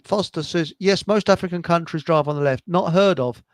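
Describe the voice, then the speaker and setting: A man's voice: on the high side, fairly quick, no echo. Chatty older man, jokey. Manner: chatty, laughs often, jokey asides. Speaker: host. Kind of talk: casual radio chat.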